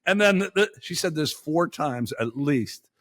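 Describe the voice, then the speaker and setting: A man's voice: on the high side, lively intonation, a little slow, fairly bright tone, no room sound, studio quality. A man hosting a podcast, telling a crude, exasperated story in profane bar-talk style. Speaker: podcast host. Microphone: studio mic.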